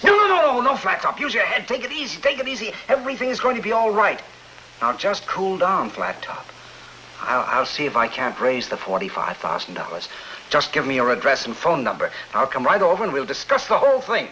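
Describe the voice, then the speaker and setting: An actor playing a nervous syndicate boss who stammers and pleads, in a 1940s radio drama with faint hiss. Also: male voice, medium pitch, very animated, brisk, sharp tone, rough recording. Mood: flustered. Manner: flustered, stammering.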